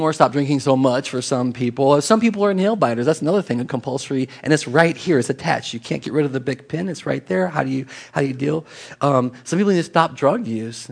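Pastor guy, middle-aged, chatty sermon, jokes on himself, kinda high voice. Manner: conversational storytelling with self-deprecating humor.

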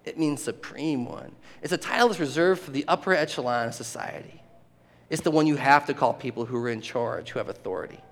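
A man preaching a sermon, animated and often laughing, acting out the voices in the story. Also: mid-range voice, brisk. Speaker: pastor. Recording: long hall reverb.

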